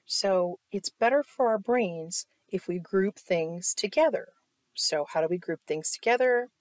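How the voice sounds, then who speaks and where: A woman's voice: medium pitch, measured pace, no room sound. A woman teaching an online music theory lesson, explaining step by step and often checking in with "right?". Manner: explanatory, asks "right?" often, claps to demonstrate.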